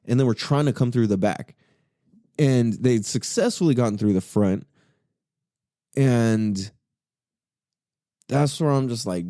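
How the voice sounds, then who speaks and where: A man hosting a podcast narrates a story in a loose, foul-mouthed, animated way, raising his pitch sharply when voicing his own thoughts. The recording is dry and studio-clean.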